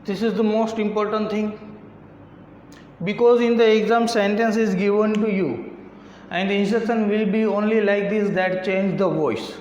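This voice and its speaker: A man's voice: high voice, steady tone, darkish tone, slight background noise. A man with an Indian English accent teaching a grammar lesson, asking and answering his own questions step by step. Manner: slow, repetitive questioning. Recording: echoey room, slightly dull lo-fi sound.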